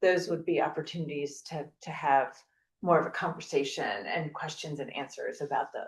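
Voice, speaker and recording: A woman's voice: low-pitched, normal speed. A woman on a school board, adding announcements in an informal, on-the-fly way at a public meeting. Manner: informal, adds points on the fly. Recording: echoey meeting room.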